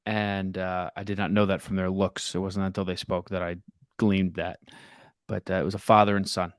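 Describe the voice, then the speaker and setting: A relaxed young man co-hosting a sports podcast, with a smooth, clear voice pitched a little low. He tells stories at an easy, unhurried pace. The recording is dry and close. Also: no echo. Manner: relaxed storyteller. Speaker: podcast co-host. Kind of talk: casual sports podcast chat.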